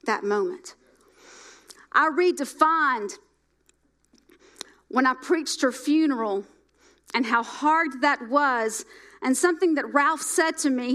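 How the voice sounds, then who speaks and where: A middle-aged woman preacher delivering a sermon, emphatic and repetitive, swinging between loud lines and hushed ones. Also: high-pitched.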